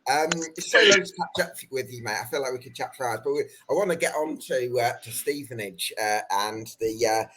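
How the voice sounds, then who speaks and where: A man's voice: medium pitch, fairly quick, few pauses, pushed and bright, poor audio. A young man hosting a football podcast, chatty and friendly with his guest. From Birmingham area. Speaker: podcast host. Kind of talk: casual chat.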